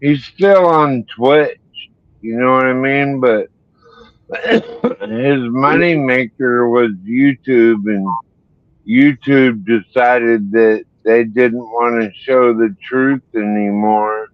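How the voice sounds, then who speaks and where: Slow-talking man hosting a live stream. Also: mid-range voice, clear, resonant tone, no room sound. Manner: chatty, laughs easily. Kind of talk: casual group chat. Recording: dry, muffled stream audio.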